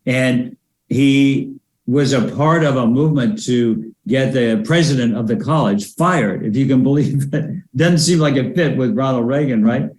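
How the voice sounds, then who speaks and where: An older man answers interview questions in a measured, anecdotal way, often pausing on fillers. His voice sits at a middle pitch and carries a roomy echo around it. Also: a little mellow. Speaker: guest, former presidential advisor and speech coach.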